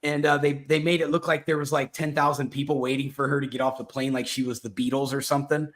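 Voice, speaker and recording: A man hosting a casual political talk show, rambling in a halting way with lots of fillers and restarts. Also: mid-range voice, flat delivery. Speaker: podcast host.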